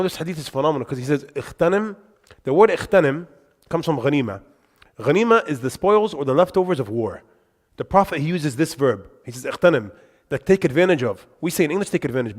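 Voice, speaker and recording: A man giving a religious lesson in a mosque, telling lively anecdotes with quick asides. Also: fairly high pitch. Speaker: religious teacher. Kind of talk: storytelling lesson to a congregation. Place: mosque hall. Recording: reverberant mosque hall.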